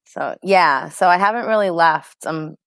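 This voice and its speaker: A woman from Queens, New York City, with a lowish, creaky voice speaks a little slowly as a company executive guest in a casual interview over a video call. The sound is clean studio quality with no echo, and she's a chatty, lively storyteller who uses fillers.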